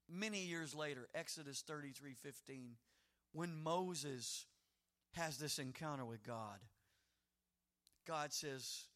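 A male pastor preaching a sermon in a folksy, animated way, acting out prayers and quoted voices. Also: fairly high pitch, slow, creaky.

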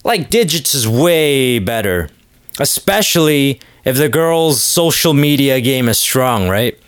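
A man's voice: medium pitch, animated, takes it slowly, smooth, dry recording, clean studio sound. A man doing a comedic monologue with a rambling, sarcastic delivery full of fillers. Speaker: comedic podcast host.

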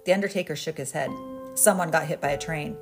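A woman's voice: sits low, quick pace, music in the background. A woman podcast host narrating a story in a dry, matter-of-fact way.

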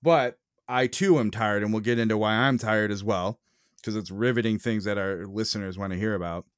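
A man's voice: lowish voice, a little fast, smooth, no echo, clean studio sound. A young man co-hosting a podcast, telling stories with mock indignation and lots of teasing. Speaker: podcast co-host. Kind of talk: casual chat.

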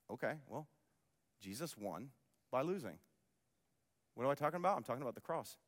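A man preaching a sermon as a pastor, passionate, swinging between loud declarations and hushed asides. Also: medium pitch. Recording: long hall reverb.

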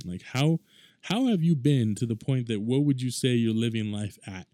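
A man's voice: mid-range voice, fairly quick, mellow, no room sound, clean studio sound. A young man in his twenties hosting a casual solo podcast, talking in a rambling, conversational way with lots of fillers. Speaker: podcast host.

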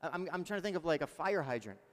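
A male pastor preaching a sermon in a lively, conversational way, asking the congregation questions. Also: on the high side, racing, long reverb tail.

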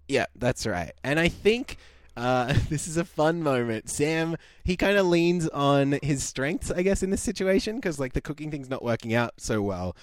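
A man's voice: a little high, animated, normal speed, few pauses, no echo, studio quality. A man co-hosting a podcast, recapping a reality show in a rambling, self-amused way with frequent laughs. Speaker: podcast co-host.

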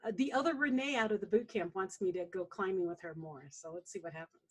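A woman's voice: mid-range voice, quick pace, husky. A woman coach chatting casually and telling stories, acting out what others said. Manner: animated storyteller, acts out quotes. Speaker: coach guest. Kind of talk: casual conversation.

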